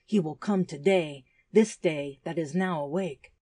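A woman's voice: sits low, a little slow, warm tone, husky, dry recording. A woman voicing an earnest young native boy who speaks in solemn, formal storyteller phrases in an audiobook. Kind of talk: audiobook character reading.

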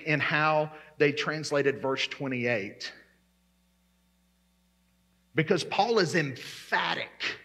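A man's voice: a little high, pushed and bright. A man preaching a sermon as pastor, emphatic and repeating his key words.

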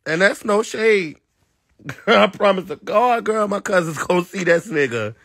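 A man hosting a casual live stream. He talks in a sassy, animated way to his viewers, laughs often, and speaks into a phone mic. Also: high-pitched, a little slow, dry recording. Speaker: livestream host.

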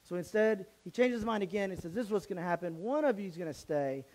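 A man preaching a sermon in a church, retelling a story in a casual, animated way with many restarts. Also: high voice, quick pace, poor audio. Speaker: pastor.

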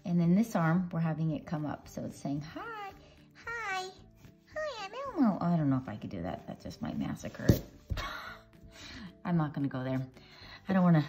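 A woman's voice: low-pitched, expressive, normal speed, long pauses, warm tone. Chatty woman teaching kids to draw. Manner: chatty, playful, talks to kids while drawing. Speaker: drawing teacher. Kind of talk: casual drawing tutorial for kids. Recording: dull lo-fi audio with faint music.

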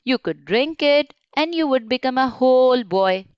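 A woman's voice: sits high, animated, moderate pace, clear, resonant tone, no room sound, lo-fi sound. A woman voicing a sad male dragon in a children's storybook, speaking in a plaintive, reasoning way. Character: sad grumbling male dragon who cooks with fire.

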